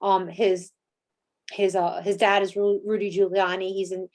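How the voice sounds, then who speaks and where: A woman's voice: mid-range voice, flat delivery, normal speed, a little mellow. A woman hosts a podcast in a casual, chatty way. She keeps dropping "like" into her sentences as she talks her thoughts through. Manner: chatty, many "like" fillers. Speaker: podcast host.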